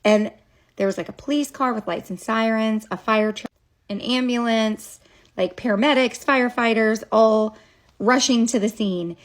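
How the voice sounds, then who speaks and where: A woman's voice: a little high, moderate pace. A woman telling a childhood story straight to a phone camera, casual and dramatic, with chatty asides.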